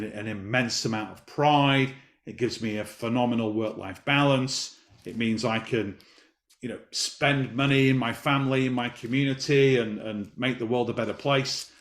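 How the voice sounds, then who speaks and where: A man in his fifties tells a story in an interview in an emphatic, motivational way, repeating his key points. His voice sits at a middle pitch. The recording is echoey, as if made in a bare room. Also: fairly bright tone. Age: 50s. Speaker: business guest.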